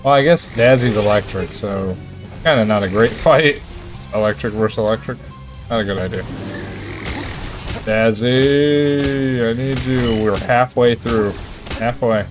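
An excitable man talks through his gameplay, pleading with his creatures and jumping up in pitch when danger comes. His voice sits at a middle pitch for a man. Soft game music plays behind him. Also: measured pace, long pauses. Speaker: gamer. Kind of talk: live gameplay commentary.

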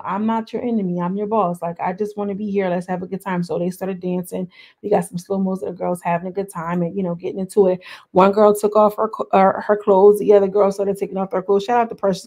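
A young woman recaps a reality show in a loose, gossipy way, speaking straight to her viewers. She talks with a medium-pitched voice. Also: a little mellow. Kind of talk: casual recap commentary.

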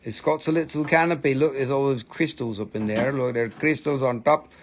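A man hosting a live sales stream, talking with excited, animated patter as he shows and prices each item. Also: medium pitch, a little fast, slight background noise.

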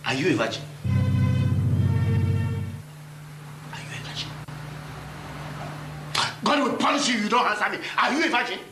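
A man's voice: high-pitched, big pitch swings, rapid-fire, heavily acted. A taunting drunken stepfather. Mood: menacing. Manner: taunting, bullying, laughing scornfully. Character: cruel mocking drunken stepfather, middle-aged man. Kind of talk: film drama acting. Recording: echoey room with loud music.

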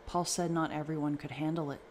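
A man's voice: a little high, flat delivery, fairly quick, a little hiss or hum, close to an everyday voice. Cold, preachy cult mother, arrogant and sure of herself, read by a male narrator. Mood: smug. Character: cult-brainwashed mother, adult woman, smug.

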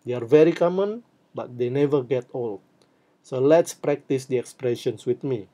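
A man's voice: mid-range voice, normal speed. A man teaching an English lesson, modeling phrases with energy and explaining in too. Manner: energetic, demonstrative delivery of phrases; switches between English and Indonesian explanations. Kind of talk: classroom lesson.

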